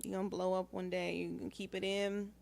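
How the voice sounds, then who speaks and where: A woman's voice: mid-range voice, flat delivery, fast, creaky, darkish tone. Woman chiming in with short agreements. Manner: brief supportive backchannels. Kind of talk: casual chat.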